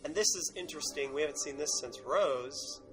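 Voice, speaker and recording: A man's voice: a little high, brisk. A man co-hosting a fan podcast, chatting playfully and laughing often. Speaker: podcast co-host. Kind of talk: casual chat.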